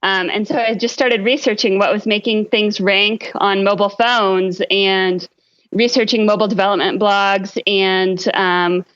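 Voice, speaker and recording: Woman guest expert, smooth clear voice, relaxed storyteller, slightly dull line. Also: medium pitch, unhurried. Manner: relaxed storytelling with frequent ums. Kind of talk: podcast interview.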